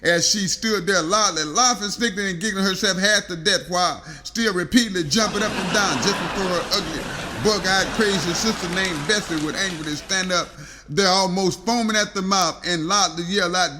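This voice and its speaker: A man's voice: sits high, moderate pace, bright, forceful tone, slight background noise. A man narrating a rambling comic story, stringing long lists of insults with filler "uh"s.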